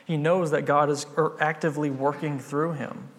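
A man's voice: a little high, flat delivery, normal speed. A man preaching a sermon, retelling a Bible story in an earnest, conversational way. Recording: long hall reverb.

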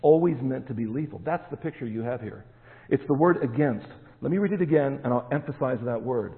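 A man's voice: mid-range voice, expressive, brisk. A man preaching a sermon as pastor, emphatic and stressing key words. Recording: echoey hall, tinny phone-like sound.

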